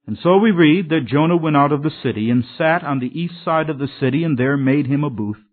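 A man preaching a sermon in an earnest, emphatic way, his voice swelling and dropping. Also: mid-range voice. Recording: tinny phone-like sermon recording.

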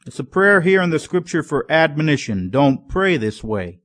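A man's voice: a little high, sing-song, moderate pace, few pauses, a bit bright. A man preaching a sermon, emphatic and piling up strong words for effect.

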